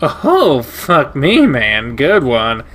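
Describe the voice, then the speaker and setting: A man voicing a cheery, crude, thirty-something male German shepherd who talks loudly with a drawl. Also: medium pitch, huge pitch swings, drawn-out words, heavily acted. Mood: brash, teasing. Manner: loud, drawling, brash.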